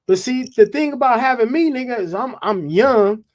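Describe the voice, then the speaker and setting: A man guest on a podcast telling animated stories in heavy profane slang. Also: very high voice, normal speed. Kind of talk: casual storytelling.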